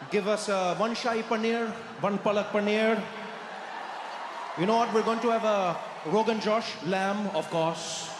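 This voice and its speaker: Man putting on a showy overconfident diner, overdone accent, high voice, hall echo. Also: background noise. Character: overconfident man ordering for the table. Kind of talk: stand-up comedy acting. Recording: roomy hall echo, venue ambience.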